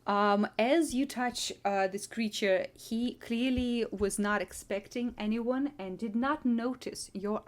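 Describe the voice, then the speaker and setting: A woman narrating a tabletop role-playing game as game master, describing scenes in a measured way with frequent fillers. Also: medium pitch.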